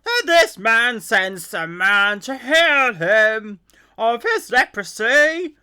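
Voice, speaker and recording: Woman doing a loud, declaiming anguished king. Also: on the high side, big pitch swings, slow pace, smooth, voice pushed up, exaggerated voice. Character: distraught old king, grand and anguished. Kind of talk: Bible reading with put-on voices.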